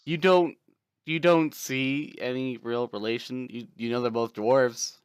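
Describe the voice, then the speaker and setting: A man narrating as game master of a tabletop game in a casual, relaxed way. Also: medium pitch, measured pace, smooth, dry recording, studio quality.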